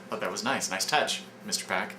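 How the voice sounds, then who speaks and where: A man casually retelling comic book scenes in a review, rambling with many fillers and restarts. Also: on the low side. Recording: echoey room with background noise.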